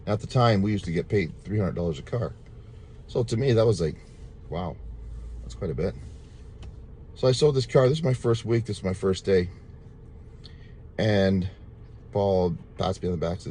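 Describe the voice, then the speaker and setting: A man's voice: sits low, normal speed, long pauses, warm tone, slight background noise. A man casually telling viewers a rambling, repetitive personal testimony, full of thanks to God. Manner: religious, thankful. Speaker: storyteller sharing a testimony.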